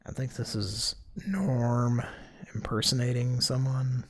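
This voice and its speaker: A man hosting a casual podcast, introducing clips in a relaxed way. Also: mid-range voice, takes it slowly, slightly rough. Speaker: podcast host. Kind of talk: casual chat.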